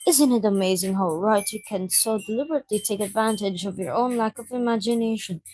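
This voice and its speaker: A man voicing a shy, bookish teenage girl in a visual novel game, speaking quietly and softly in a measured way. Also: high voice, slight background noise, close to an everyday voice, rough recording. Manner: quiet, soft-spoken, measured. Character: shy bookish teen girl, soft and reserved.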